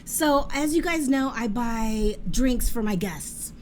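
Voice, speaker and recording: A woman hosts a casual talk show, spinning stories with lively energy and frequent laughter. Her voice sits a little on the high side, with faint background noise in the room. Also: takes it slowly. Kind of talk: casual chat.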